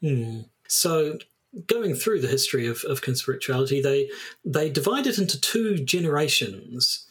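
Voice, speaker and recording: A man co-hosting a podcast, speaking in a measured, dry way and reading passages from a paper aloud. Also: mid-range voice, very animated, a bit bright, slightly rough. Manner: measured, dry, with hesitant fillers. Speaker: podcast co-host.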